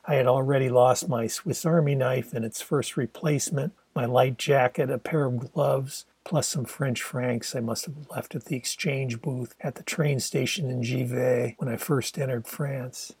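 Older man reading his memoir, husky. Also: medium pitch, unhurried, hardly any pauses, dry recording. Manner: steady reflective storytelling. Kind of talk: audiobook narration.

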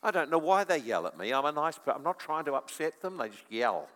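A male preacher delivers a sermon with a high, lively voice that swings up and down as he tells stories. He breaks into chuckling asides, and his voice carries the long reverb of a large hall. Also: a little fast. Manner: animated storytelling, chuckling asides.

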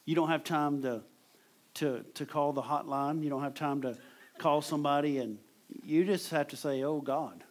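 A man's voice: fairly high pitch, fairly even intonation, moderate pace. A man preaching a sermon in a conversational way, repeating words as he drives home his points.

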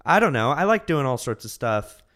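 A man's voice: mid-range voice, big pitch swings, moderate pace, fairly bright tone. A man, a comedian guest, chatting casually on a podcast in a loose, joking way, laughing often.

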